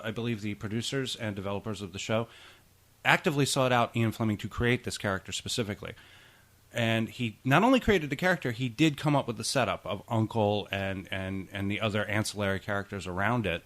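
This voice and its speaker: A man's voice: on the low side, fairly bright tone. A man co-hosting a podcast in casual chat, rambling through film trivia with many restarts. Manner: chatty, rambling, tosses in goofy impressions. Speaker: podcast co-host.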